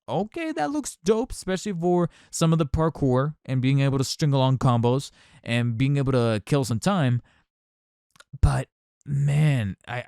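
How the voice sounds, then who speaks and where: A man hosts his own podcast in a loose, rambling, candid way, often circling back and restarting his thoughts. His voice is smooth and resonant. The recording is close and dry, with no room sound. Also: mid-range voice, darkish tone, dry recording. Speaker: podcast host. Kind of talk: casual solo podcast commentary. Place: home recording setup.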